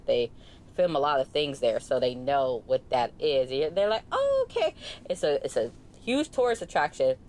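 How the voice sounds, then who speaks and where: A young woman from the Bay Area co-hosting a podcast in casual chat, animated and quick to laugh. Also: rumbling low, a little hiss or hum. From California, Bay Area. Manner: animated, laughs often, mimics accents. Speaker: podcast co-host.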